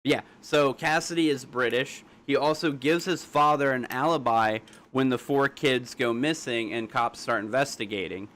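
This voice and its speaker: A young man streaming live, talking casually and bluntly, quick to argue. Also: mid-range voice, a bit bright. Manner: blunt, rapid, argumentative.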